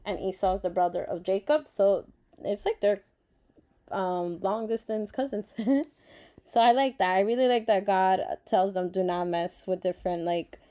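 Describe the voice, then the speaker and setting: Woman, casual devotional vlog, warm mellow tone, earnest and reflective, chatty with fillers. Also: mid-range voice, normal speed. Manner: openly emotional and grateful. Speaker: Bible study vlogger. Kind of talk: casual Bible devotional reading.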